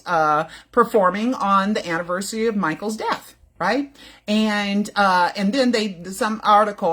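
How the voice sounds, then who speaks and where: A woman's voice: on the low side, a bit bright, husky. A middle-aged woman hosting a casual, rambling commentary video on celebrity news, chatty and defensive, with lots of fillers and repeated words.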